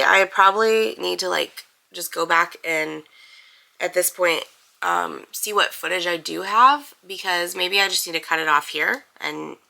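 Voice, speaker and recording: A woman's voice: lowish voice, creaky, pushed and bright, rough recording. A young woman chatting casually to camera as a book vlogger, rambling with lots of fillers. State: congested, with a cough.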